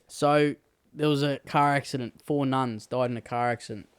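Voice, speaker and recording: A man's voice: medium pitch, fairly even intonation, moderate pace, clean tone. A laid-back man co-hosting a casual podcast, swearing freely and telling jokes. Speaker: podcast co-host.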